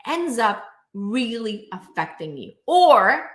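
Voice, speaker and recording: A woman business coach talking straight to camera in an energetic, emphatic way, full of "like" and "right?", acting out her clients' inner worries in quick asides. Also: a little high, echoey room. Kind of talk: direct-to-camera coaching monologue.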